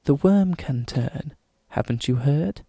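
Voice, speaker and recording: A man putting on a slow, pompous posh announcer voice for comic readings. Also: mid-range voice, monotone, no echo, natural voice. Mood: mock-posh. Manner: slow, measured, overly formal.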